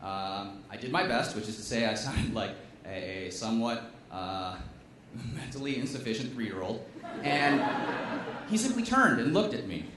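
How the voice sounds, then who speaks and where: A man's voice: mid-range voice, noisy background. A man doing stand-up storytelling, with a dry, self-deprecating delivery. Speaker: comedian. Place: stage at a live comedy show. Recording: echoey venue with faint ambience.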